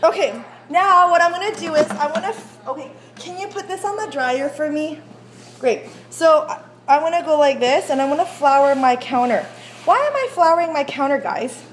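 A woman teacher with a high voice walks students through a baking demonstration in a school classroom kitchen. She is chatty and keeps asking whether everyone can see and follow. The sound is a phone recording made in class. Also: lively intonation, normal speed, a little hiss or hum. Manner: chatty, checks understanding often. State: out of breath while rolling dough.

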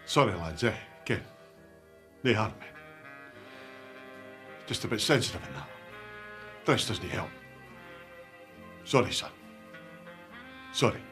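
An actor with a Scottish accent playing a touchy, dramatic middle-aged ex-soldier wearing a dress in a comedy. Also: male voice, on the low side, sing-song, slow, long pauses, pushed and bright, faint music behind, exaggerated voice. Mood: apologetic. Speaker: comedy character, a veteran in a dress. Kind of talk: sitcom acting.

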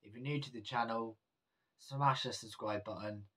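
A man's voice: medium pitch, fairly even intonation, moderate pace, a bit bright, slightly rough. A man casually vlogging about his jewellery, rambling with many fillers and self-corrections.

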